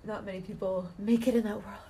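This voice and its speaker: A woman's voice: mid-range voice, steady tone, brisk, mellow, slight background noise. A woman in her twenties from Ohio, co-hosting a podcast in casual chat, joking and giggling often. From Toledo, Ohio, US. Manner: joking and giggly, slips into playful put-on voices. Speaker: podcast co-host.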